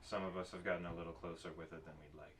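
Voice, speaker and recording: A man playing a tabletop role-playing game, joking and animated. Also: sits low, racing, distant mic, a little hiss or hum. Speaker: player. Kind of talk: casual tabletop game chat.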